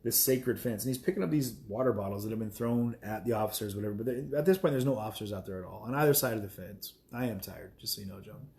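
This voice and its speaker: A man's voice: fairly low pitch, fast, creaky, hardly any pauses, warm tone. A man chatting casually to viewers on a live stream, rambling with many fillers and chuckling asides.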